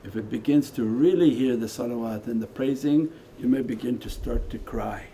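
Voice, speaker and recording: A man teaching as a Sufi teacher in a spiritual lecture, talking conversationally and moving between quiet asides and emphatic lines. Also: medium pitch, normal speed, a little hiss or hum. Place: meditation center hall.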